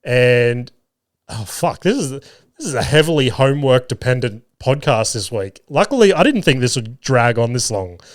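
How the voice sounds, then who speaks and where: A man in his thirties hosts a casual solo podcast, rambling through family stories with plenty of swearing and laughter. His medium-pitched voice is animated and moderately paced, captured in a dry, studio-quality recording.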